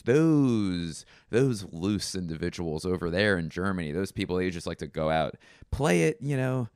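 Deep-voiced man rambling deadpan. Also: moderate pace, smooth, dry recording, studio quality. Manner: rambling, deadpan absurd asides. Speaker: podcast host. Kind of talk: comedic podcast monologue.

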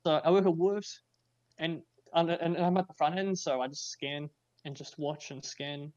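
A man's voice: fairly high pitch, steady tone, normal speed, darkish tone. A young Australian man co-hosting a podcast, chatting casually, joking and rambling along. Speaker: podcast co-host. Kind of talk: casual chat. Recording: dull lo-fi sound.

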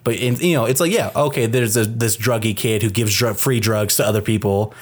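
A man's voice: fairly low pitch, a little fast. A man in a loose podcast chat about a film, his talk full of swearing, restarts and filler "like". He rambles through his points and jumps into acting out the characters' lines. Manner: animated, acts out characters' lines mid-sentence. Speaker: podcast co-host reviewing a film. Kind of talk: casual chat.

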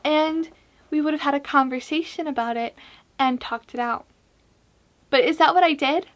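A young woman with a notably high, light voice talks straight to her viewers in a casual vlog. She is earnest and frank, and pokes fun at her own past mistakes. Her advice comes with animated emphasis. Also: moderate pace. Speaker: vlog host. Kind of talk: casual faith-based advice talk.

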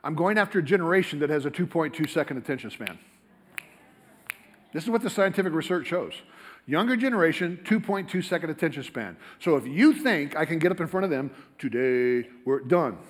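Rapid-fire, animated man lecturing a crowd. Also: a little high. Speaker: creationist speaker. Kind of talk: lively live lecture to an audience. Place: lecture hall with an audience.

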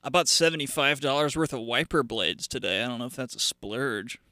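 A man's voice: medium pitch, animated, a little fast, pushed and bright, no echo, clean studio sound. A man hosting a casual solo radio show, rambling and sarcastic, with lots of fillers and restarts.

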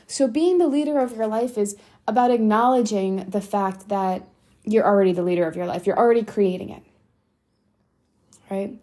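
A woman's voice: mid-range voice, mellow. A young adult woman hosting a motivational solo podcast, talking bluntly and swearing freely for emphasis. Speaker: podcast host.

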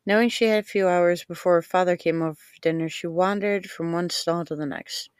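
A woman narrating a novel aloud in a measured, unhurried manner. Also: on the low side, steady tone, smooth, dry recording. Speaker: audiobook narrator. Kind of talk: scripted narration.

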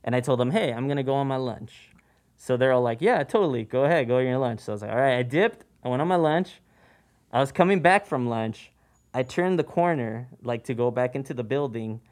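A man's voice: mid-range voice, fairly quick. A young man on a podcast telling a story from his old theme park job in casual chat, acting out the voices of the people in it. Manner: animated, acts out voices in anecdotes. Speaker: podcast guest, former theme park worker.

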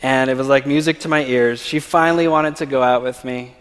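Recorded with the long reverb of a big church sanctuary, this man tells his testimony at a slightly fast pace, with medium pitch and a steady, clean tone. He keeps asking the audience "okay?" as he goes.

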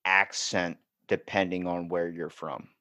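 A man in his twenties with a Baltimore accent, chatting casually as a podcast host, animated and swearing freely. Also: low voice, measured pace, no room sound, clean studio sound. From Maryland, USA. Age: 20s. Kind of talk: casual chat.

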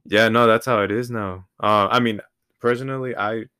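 A man's voice: on the low side, fairly even intonation, moderate pace, pushed and bright, clear, resonant tone, dry recording, studio quality. A young man co-hosting a podcast, laid-back and agreeable, asking questions in casual chat. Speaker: podcast co-host.

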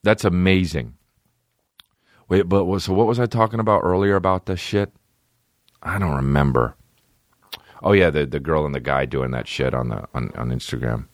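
A man hosting a podcast, telling stories in a rambling, swearing, comedic way and breaking into high, silly voices. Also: normal speed, pauses often, no room sound, clean studio sound. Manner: swearing, rambling, jumps into high-pitched impressions. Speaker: podcast host. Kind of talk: casual comedic rambling monologue.

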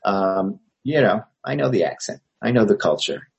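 A man's voice: lowish voice, lively intonation, moderate pace, creaky, highs cut off. A man from Montreal, an actor, telling rambling anecdotes with many fillers in an interview. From Montreal, Canada. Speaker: actor and filmmaker guest.

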